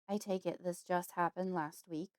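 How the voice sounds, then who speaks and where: A woman reads the part of a calm, wise uncle who speaks softly and steadily, his measured phrasing soothing and protective. Her voice leans low and stays close to an everyday speaking voice. The recording is dry and close-miked.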